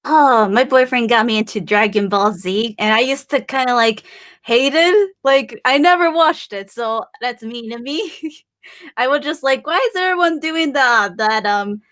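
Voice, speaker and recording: A woman's voice: on the high side, expressive, unhurried, a bit bright. Bubbly, giggly young woman from Illinois. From Illinois, USA. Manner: bubbly and giggly, acts out voices in her stories. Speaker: interview guest. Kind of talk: casual chat.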